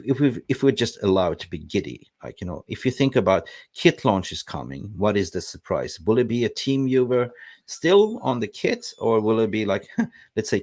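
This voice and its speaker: Man, young adult, low voice, blunt livestream host in a dry-sounding room. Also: no echo. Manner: blunt, animated, talks to viewers. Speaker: football channel host. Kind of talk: casual livestream chat.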